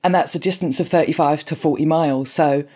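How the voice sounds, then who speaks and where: A woman from London speaks with a polished southern English accent and enunciates every word clearly. Her voice is low and mellow. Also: brisk. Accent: London, leaning toward received pronunciation. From southeast London, England. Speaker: podcast guest and contributor. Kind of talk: careful interview talk.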